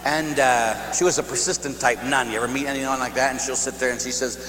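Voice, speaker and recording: Priest telling stories in an echoey hall. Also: male voice, mid-range voice, steady tone, brisk, hardly any pauses, fairly bright tone. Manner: conversational, self-mocking humor. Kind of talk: storytelling sermon. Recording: echoey hall with faint hum.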